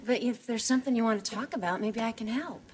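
An actress playing a kind, chatty aunt who makes fun of herself. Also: female voice, on the high side, fast talker, noisy background, natural voice.

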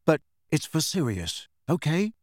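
An earnest young schoolboy wizard, as a man reads him aloud, pitched above an ordinary adult man's voice. He speaks eagerly and directly, and the close, dry recording has no room sound. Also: big pitch swings, unhurried, dry recording.

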